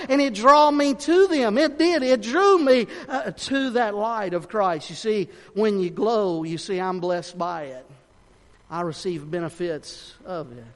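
A man preaching a sermon in a fervent, folksy way, swinging between shouts and hushed tones. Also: extremely high pitch. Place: church sanctuary. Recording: long reverb of a church hall.

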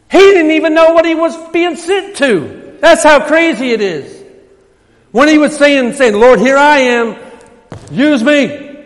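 A man's voice: very high voice, fairly bright tone. A man preaching a sermon in a church, emphatic and repetitive, his voice rising when he quotes scripture. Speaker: pastor. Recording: hall reverb.

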